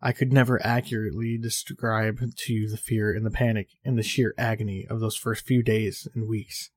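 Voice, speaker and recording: A man's voice: on the low side, flat delivery, normal speed, no room sound, natural voice. A man reading as a weary, guilty older brother. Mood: regretful. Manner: quiet, apologetic, sometimes swearing.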